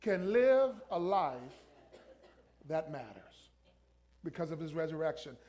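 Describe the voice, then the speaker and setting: A man's voice: a little high, big pitch swings, unhurried, mellow. A man preaching a sermon as pastor, emphatically urging the congregation to repeat lines after him. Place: church.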